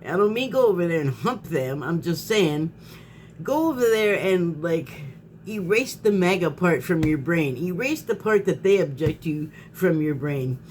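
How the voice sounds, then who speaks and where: A woman's voice: low voice, expressive, normal speed, darkish tone, a little hiss or hum. A woman vlogger in a casual spoken monologue who rambles, restarts her sentences, laughs often and gets heated.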